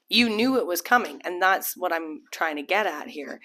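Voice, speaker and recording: A woman's voice: on the low side, lively intonation, unhurried, a bit bright. A woman giving a casual, rambling tarot reading to camera, full of restarts and fillers, sometimes acting out what people might be thinking. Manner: acts out imagined people's thoughts. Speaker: tarot reader.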